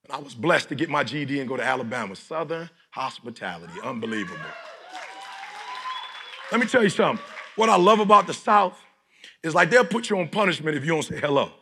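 A middle-aged man from Detroit giving a preachy motivational speech to a live audience, often shouting and leading call-and-response. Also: on the high side, expressive, fast talker, a faint crowd, a little hiss or hum. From Detroit, United States. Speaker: motivational speaker.

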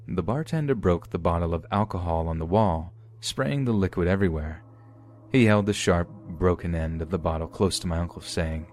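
A man narrating true horror stories in a steady, scripted reading. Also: sits low, fairly quick. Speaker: podcast narrator.

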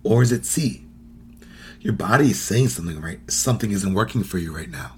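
A man's voice: lowish voice, lively intonation, brisk, slight background noise. A man hosting a podcast, talking casually as he teaches, quizzing listeners, laughing often and acting out quoted phrases. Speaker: podcast host.

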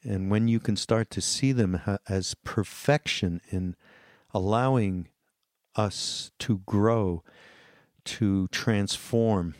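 A podcast host with a low voice speaks very slowly and thoughtfully, pausing often between phrases. The recording is dry and close, with no room sound. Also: male voice, a little mellow, dry recording. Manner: slow and deliberate, with pauses and fillers. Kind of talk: reflective podcast intro.

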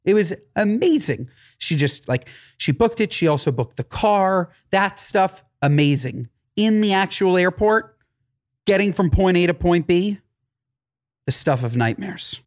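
Animated male podcast co-host. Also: high-pitched, unhurried. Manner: animated storytelling with frequent fillers and restarts. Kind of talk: casual chat.

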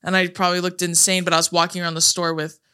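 A woman's voice: fairly low pitch, little pitch movement, racing, pushed and bright, clean tone. A young woman co-hosting a podcast, telling stories in a blunt, casual way with a lot of swearing. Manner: blunt storytelling with frequent swearing. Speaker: podcast co-host. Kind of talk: casual chat.

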